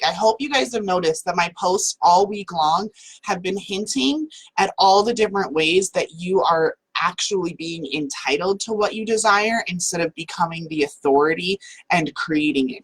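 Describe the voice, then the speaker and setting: A woman's voice: fairly low pitch, slightly rough, poor audio. A woman hosting a casual talk from home, chatty and full of "like" fillers. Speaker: host.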